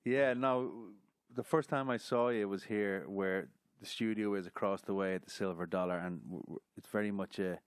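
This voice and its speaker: A male podcast host with a very deep, smooth, resonant voice. He talks in a relaxed, reflective way. The sound is dry and close, with no room echo. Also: normal speed. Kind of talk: casual podcast chat.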